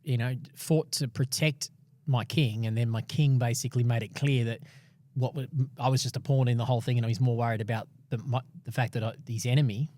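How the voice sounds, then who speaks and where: A man's voice: mid-range voice, fairly even intonation, brisk, mellow, no echo. A man co-hosting a podcast, readily agreeing and drawing practical life lessons from a Bible passage. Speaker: podcast co-host. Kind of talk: casual Bible discussion.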